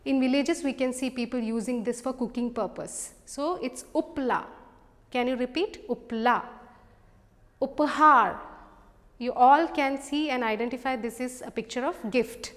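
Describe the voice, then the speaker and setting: Slow, high-voiced woman teacher. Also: a bit bright, big-room sound. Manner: slow, drilled repeat-after-me delivery. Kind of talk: online class teaching. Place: home, online class.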